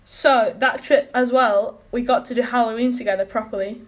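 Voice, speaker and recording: A woman's voice: fairly high pitch, fairly even intonation, normal speed. A woman co-hosting a casual podcast, teasing and giggly, saying "like" constantly. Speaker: podcast co-host. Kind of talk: casual chat.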